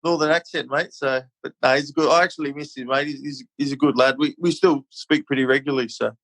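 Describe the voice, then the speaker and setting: A man's voice: medium pitch, quick pace, rough recording. An Australian man, a retired rugby league player, chatting casually as a podcast guest and calling the host mate. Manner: relaxed, chatty, calls everyone mate. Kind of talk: casual interview chat.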